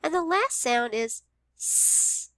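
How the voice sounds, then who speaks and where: A woman's voice: high voice, expressive, takes it slowly, fairly bright tone, no echo, clean studio sound. A woman teaching a phonics lesson to young children, patiently sounding out each letter of every word.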